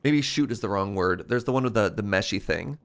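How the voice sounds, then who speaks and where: A man's voice: fairly low pitch, lively intonation, brisk. A young adult man thinking aloud in casual commentary while streaming a modded block game. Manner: thinking aloud, rambling and musing.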